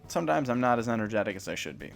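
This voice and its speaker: A man's voice: on the low side, sing-song, rapid-fire, vocal fry, faint music behind. A young man hosting a sports report, telling an awkward story in a rambling, self-conscious way with many restarts, then reading the news.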